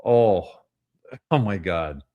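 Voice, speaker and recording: A man's voice: deep voice, drawn-out words, highs cut off. A man hosting his own show in casual political commentary, rambling, blunt and profane, breaking into chuckles often. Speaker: host.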